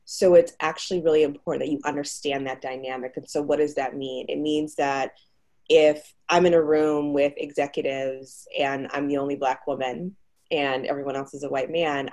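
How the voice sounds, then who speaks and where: A woman speaking as a guest, explaining research in a measured, explanatory way. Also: low-pitched, steady tone, darkish tone. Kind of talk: advice-giving conversation.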